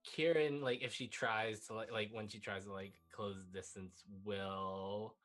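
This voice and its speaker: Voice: mid-range voice, steady tone, measured pace, fairly bright tone, faint music behind, low-quality recording. A player in a tabletop game, thinking aloud hesitantly about what their character does.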